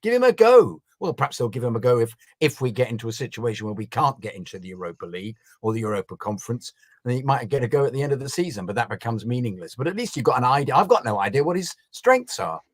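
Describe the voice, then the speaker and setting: A man's voice: mid-range voice, very animated, fast, no room sound. A man co-hosting a football podcast, musing and giving wry opinions in casual chat. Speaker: podcast co-host.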